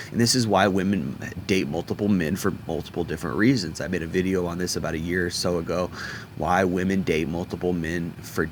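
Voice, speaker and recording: Deep-voiced man ranting bluntly. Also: a little hiss or hum. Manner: blunt, profane, repetitive restarts. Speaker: video commentator. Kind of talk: ranting monologue.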